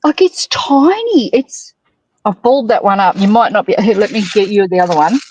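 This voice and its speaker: A woman's voice: medium pitch, expressive, normal speed, a little mellow, highs cut off, a little hiss or hum. A woman hosting a casual knitting livestream, cheeky and teasing with crude jokes. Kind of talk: casual chat.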